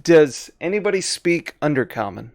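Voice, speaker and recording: A man narrating a tabletop game as game master, relaxed and pausing with fillers. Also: a little high, gravelly, no echo, clean studio sound. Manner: relaxed storytelling with filler sounds.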